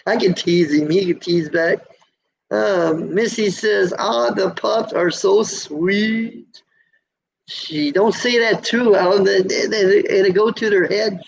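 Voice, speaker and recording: A man's voice: sits high, vocal fry, a little hiss or hum. A middle-aged man hosting a trucker's live stream, chatting casually, reading out viewer comments, teasing folksy and preaching about road safety. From USA. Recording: dull lo-fi live-stream audio.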